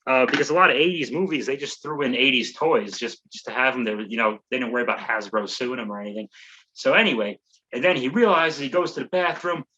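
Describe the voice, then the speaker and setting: A man's voice: mid-range voice, fast talker, pushed and bright, muffled recording. A male comedian hosting a podcast, rambling through a sarcastic, profane recap of a movie plot.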